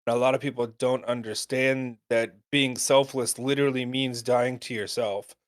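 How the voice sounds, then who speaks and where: A man's voice: medium pitch, steady tone, moderate pace, dry recording, studio quality. A man co-hosting a podcast, speaking earnestly about faith and family in casual chat. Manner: earnest, preachy, talks about faith and wives. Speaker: podcast co-host.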